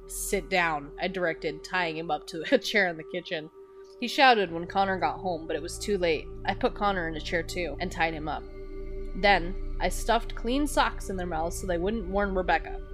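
A woman hosting a podcast, reading a horror story aloud and acting out its dialogue with loud outbursts. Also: lowish voice, moderate pace, soft background music. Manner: breaks into laughter, loud dramatic shouting in dialogue. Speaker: podcast host reading stories.

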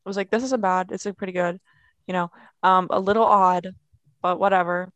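A woman's voice: fairly low pitch, fairly even intonation, brisk, no echo, dull audio. Chatty young woman, dry close sound. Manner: chatty, rambling, many fillers. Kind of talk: casual chat.

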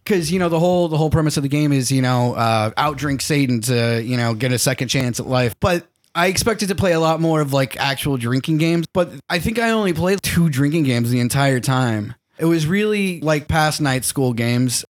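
A man's voice: on the high side, animated, normal speed, hardly any pauses. A young man co-hosting a casual podcast, talking enthusiastically and rambling with lots of fillers. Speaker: podcast co-host. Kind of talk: casual chat.

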